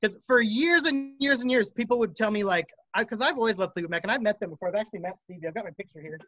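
A man's voice: sits high, very fast, sharp tone, no echo, muffled recording. A man from the United States, a musician guest, rambling through stories in a casual interview and laughing often.

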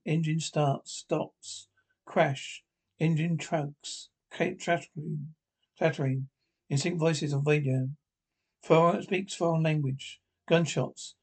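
A man's voice: on the high side, a little mellow. Man reading audio description.

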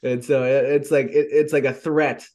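A man's voice: mid-range voice, level tone, moderate pace, a little mellow. A man co-hosting a podcast, joking and acting out quotes in casual chat. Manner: jokey, acts out quotes. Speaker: podcast co-host.

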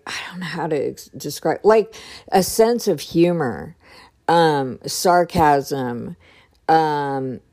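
A woman telling a personal story in a casual way, often pausing and hunting for the right words. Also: low voice, dark tone. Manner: hesitant, searching for words.

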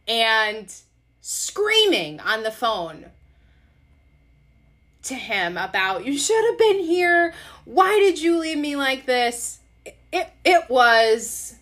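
A young woman hosts her own podcast and tells a deeply personal story at an unhurried, deliberate pace. Her voice sits at an ordinary middle pitch, and she speaks in a candid, self-deprecating way, rising when she acts out the scene. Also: pushed and bright. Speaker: podcast host.

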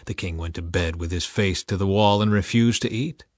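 A man reading scripture aloud in a measured, scripted way, lifting his voice a little for quoted speech. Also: dry recording, studio quality. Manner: measured, quotes read a little higher and louder. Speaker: Bible reader.

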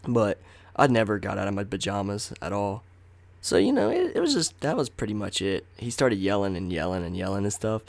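A man's voice: lowish voice, big pitch swings, fairly quick, gravelly, no echo. A man telling a personal story in a casual, slangy, profane way, acting out what people said. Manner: profane, slangy, acts out quotes. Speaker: storyteller host.

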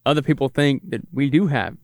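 A man who works as a radio color analyst, talking through a broadcast in brisk, self-deprecating casual chat with many "you know"s. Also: mid-range voice, darkish tone, no room sound, clean studio sound.

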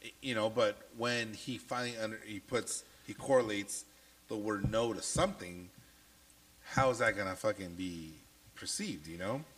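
A man with a low voice co-hosting a casual podcast, rambling with many fillers, getting over a cold. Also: normal speed, a bit bright, low-quality recording. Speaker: podcast co-host.

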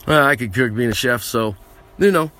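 A man's voice: mid-range voice, pushed and bright. A man hosting his own podcast, ranting in a boastful, brash, self-aggrandizing way from a small vehicle used as a mobile studio. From United States. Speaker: podcast host. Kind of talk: rambling comic rant.

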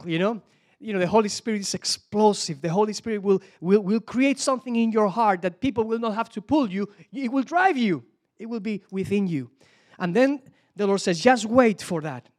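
A man from Spain preaches a sermon in English, his second language, with a Spanish accent, often repeating words and searching aloud for the right English one. His voice is high-pitched and a little fast.

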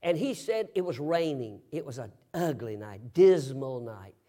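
A man preaching a sermon, telling a story in a folksy way, asking rhetorical questions and bursting into loud, emphatic shouts. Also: medium pitch, sing-song, a little slow.

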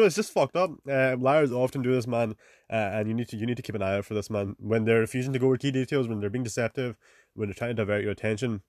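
A young man talks quickly in a loose, casual way, throwing in fillers, swears and "man" all the time. His voice sits at a medium pitch and sounds dry and close, with no room around it. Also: dry recording. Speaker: podcast host. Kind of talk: casual advice monologue.

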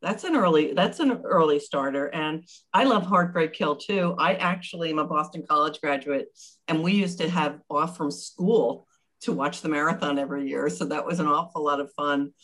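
A woman's voice: sits low, normal speed, fairly bright tone, low-quality recording. Upbeat woman hosting an online event. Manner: casual and upbeat. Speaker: event host. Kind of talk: hosting a virtual awards event.

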